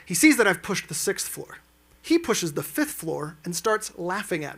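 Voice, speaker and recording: A man's voice: sits high, big pitch swings, normal speed, vocal fry, a bit bright. A man performing a stand-up comedy set, telling stories animatedly and acting out quotes with sudden jumps in his voice. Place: live event lounge.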